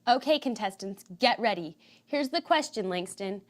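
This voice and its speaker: A woman hosting a comic quiz show in a brisk, exasperated way. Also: mid-range voice, animated.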